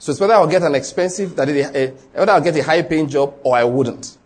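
A man's voice: fairly high pitch, fast talker. A man preaching a sermon, emphatic and repetitive, often checking whether his listeners follow. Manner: emphatic, repeats points, asks the listeners if they follow.

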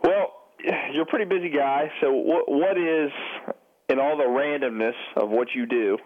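A man's voice: medium pitch, normal speed. A man hosting a podcast interview, asking long, winding questions. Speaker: podcast host. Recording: tinny phone line.

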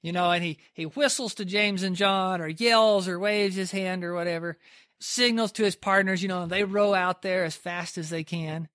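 Brief: a male preacher telling a story casually, a bit high-pitched, dry close sound. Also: fairly even intonation, normal speed, a bit bright, dry recording. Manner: conversational, lots of "like" and restarts. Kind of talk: sermon storytelling.

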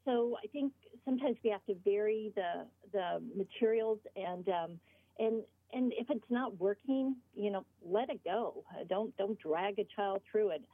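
A woman author being interviewed, explaining earnestly in short halting phrases over the phone. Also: mid-range voice, slightly rough, dry recording. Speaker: author guest. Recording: tinny phone line.

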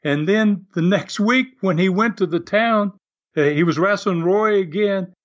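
An older man, a former wrestler telling animated stories in an interview and laughing often. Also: high-pitched, unhurried, muffled recording. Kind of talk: storytelling interview.

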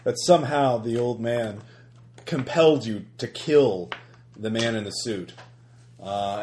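A man's voice: on the low side, darkish tone, roomy sound, a little hiss or hum. A man narrating a tabletop horror game as game master, talking in a hesitant way with many fillers and restarts.

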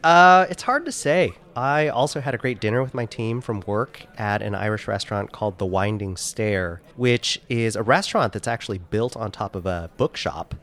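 A man's voice: on the low side, normal speed, few pauses, a bit bright. A man with a stuffed-up nose from a cold, telling travel and food stories in a casual chat with his co-host. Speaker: podcast co-host.

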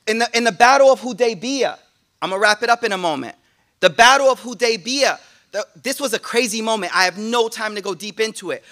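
A man giving a lively, joking sermon to a class, speaking in casual slang. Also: high-pitched, fairly quick. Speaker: sheikh giving a talk. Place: room with a listening audience.

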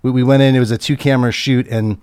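A man working as a camera operator, telling a casual anecdote in a halting way and chuckling as he goes. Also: medium pitch, steady tone, darkish tone, clear, resonant tone, dry recording, clean studio sound. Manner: halting, chuckles through the story.

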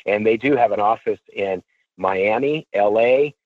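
A man, an auctioneer, telling a long anecdote in a radio interview, casual and animated, and he acts out what people said. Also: on the low side, a little slow, no echo, phone-quality sound. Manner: animated storyteller, acts out quotes; casual, swears freely. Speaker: auctioneer guest. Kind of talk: storytelling interview.

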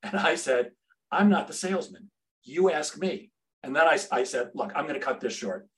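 A man's voice: fairly high pitch, moderate pace. A middle-aged man, a sales trainer and podcast guest, telling a brash, humorous story and acting out the dialogue.

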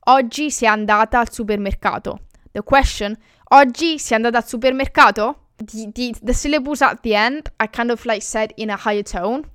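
A chatty woman from Italy speaks English with a clear Italian accent, and her voice sits a little high. She giggles often and restarts her sentences as she explains her language. The sound is smooth and dry, with no room echo. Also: a bit bright. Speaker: language vlogger. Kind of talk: casual explainer.

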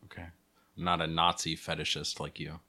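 A man's voice: a bass voice, little pitch movement, fairly quick, bright, forceful tone. A man co-hosting a podcast in casual chat, teasing and dry.

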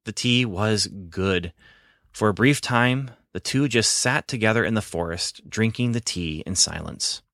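A man's voice: fairly low pitch, a little slow, fairly bright tone, no room sound. A man narrating an audiobook in a dry, wry storytelling manner.

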